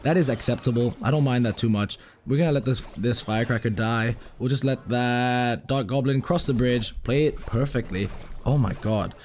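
A hoarse young man giving excitable, self-mocking live commentary while playing a mobile game, swearing often. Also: mid-range voice, normal speed, a little hiss or hum. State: hoarse, recovering from a lost voice.

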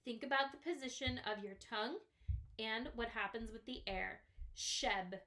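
A woman teaching first graders a phonics lesson on video, sounding out each word slowly and carefully. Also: fairly high pitch, pushed and bright. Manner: slow, careful, stretched-out sounds.

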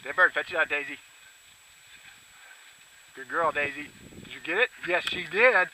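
A man out hunting with his dogs, shouting short commands to them and talking quietly to his camera. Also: steady tone, normal speed, slight background noise, low-quality recording. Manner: shouts dog commands, then talks low and quietly to the camera. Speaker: hunter filming his dogs. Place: outdoors in snowy rural fields.

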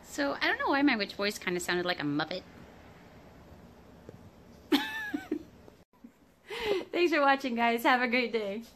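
A woman's voice: on the high side, big pitch swings, a little slow, pauses often, a bit bright, a little hiss or hum. A woman makeup vlogger talking casually and giggling as she signs off. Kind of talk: casual vlog sign-off.

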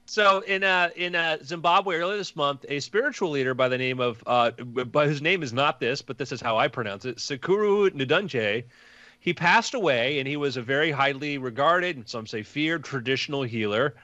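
A man's voice: mid-range voice, fairly quick, hardly any pauses, pushed and bright, dry recording, lo-fi sound. A man hosting a casual podcast, rambling with many restarts and slipping into quoted voices. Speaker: podcast host.

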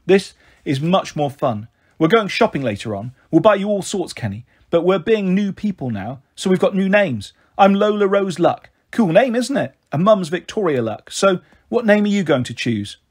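A man reads as a dreamy young girl, eager and earnest, who turns bossy with her little brother. The voice is lifted slightly and has a husky edge. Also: high-pitched, sing-song, moderate pace, pitched above the performer's own voice, exaggerated voice. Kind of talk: audiobook character voice.

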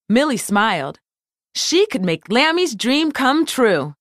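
A woman reading a children's storybook aloud in an expressive storytelling manner. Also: a little high, slow pace, dry recording, clean studio sound. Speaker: storybook reader. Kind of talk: scripted narration for children.

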